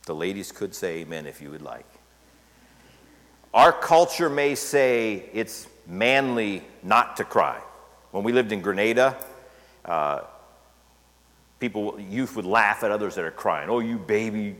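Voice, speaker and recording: A man preaching a sermon from the pulpit of a church, his voice sitting a little low. He talks conversationally and keeps checking in with the congregation. His words trail off into the long reverb of a large hall. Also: animated, unhurried, pauses often, fairly bright tone. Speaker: pastor.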